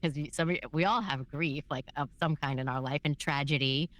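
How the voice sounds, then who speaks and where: A woman voice actor chatting casually in an interview, talking in a loose, filler-heavy, animated way. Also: low voice, normal speed. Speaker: voice actor guest.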